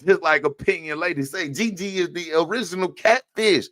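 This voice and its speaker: A man's voice: a little high, moderate pace, pushed and bright, dry recording. A man, ranting heatedly and profanely as a live stream host. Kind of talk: casual ranting commentary.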